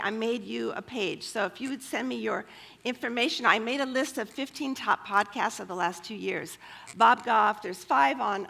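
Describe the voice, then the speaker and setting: A woman's voice: a little high, creaky, pushed and bright, a little hiss or hum. A woman telling personal stories at a church women's gathering, chatty and full of fillers. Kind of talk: personal storytelling talk.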